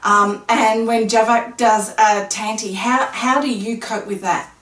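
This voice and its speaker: Woman interviewer, slightly high voice, leads and affirms the guest. Recorded off-mic in an echoey room. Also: fairly even intonation, unhurried, a bit bright, recorded from a distance. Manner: leading, affirming questions. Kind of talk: casual interview.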